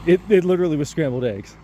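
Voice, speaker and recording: Mellow, reflective man telling a story. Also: high voice, slight background noise. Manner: reflective and hesitant, many pauses and restarts. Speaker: vlogger. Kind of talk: casual personal storytelling.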